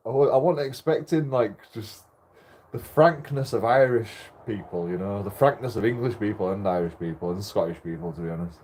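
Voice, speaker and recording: A man's voice: mid-range voice, warm tone. A man vlogging in casual, rambling chat. He laughs often, swears a lot and restarts his sentences.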